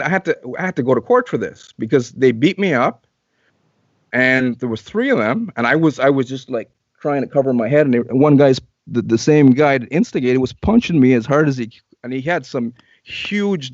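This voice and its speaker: A man's voice: medium pitch, dry recording, muffled recording. A man from Canada, a guest in an interview, tells a long personal story in casual talk, repeating and restarting phrases as he goes.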